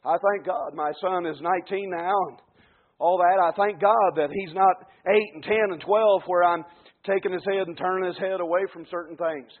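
A high-pitched man in his forties delivers a fervent sermon at a moderate pace, shifting from quiet conversational asides to shouted climaxes with fairly even intonation. The audio is thin and narrow, like a radio broadcast heard through a phone line.

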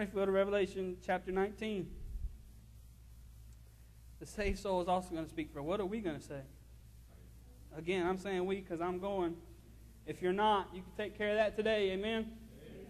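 Male pastor, very high voice, fervent repetitive preaching, echoing church sanctuary. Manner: fervent preaching, repeats phrases, reads scripture aloud. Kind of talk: sermon. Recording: long hall reverb.

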